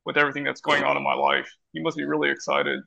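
Fast, bright-voiced excited male caller. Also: fairly high pitch, vocal fry. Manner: excited, upbeat. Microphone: video call. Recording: dull lo-fi call audio.

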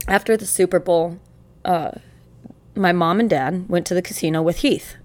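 A young woman telling a personal story in a halting, emotional way, close to tears at times. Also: lowish voice. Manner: halting, emotional, with many restarts.

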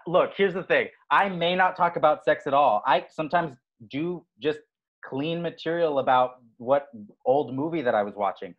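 A man's voice: a little high, moderate pace, highs cut off. A male comedian co-hosting a podcast in casual chat, with a wry, teasing manner.

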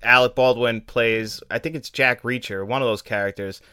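A man co-hosting a casual movie podcast, chatty and quick to laugh. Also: medium pitch, steady tone, bright, forceful tone, clear, resonant tone. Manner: chatty, laughs often, trails off. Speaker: podcast co-host. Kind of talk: casual film review chat.

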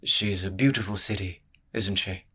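A man playing a genial, talkative knight in an audiobook. He speaks smoothly and courteously in a bright voice that sits a little low. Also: steady tone, moderate pace, full character voice.

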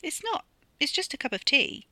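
A weary, wry woman, coaxing and a little teasing, her voice lifted above the reader's own, as a woman voices her. Bright and dry, close to the mic. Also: high-pitched, sing-song, normal speed, dry recording, voice pushed up, heavily acted.

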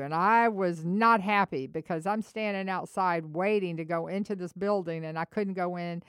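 A middle-aged woman co-hosting a faith-based talk, telling an animated story and acting out both sides of a phone call. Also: fairly low pitch, normal speed, hardly any pauses, smooth, dry recording, clean studio sound. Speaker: co-host.

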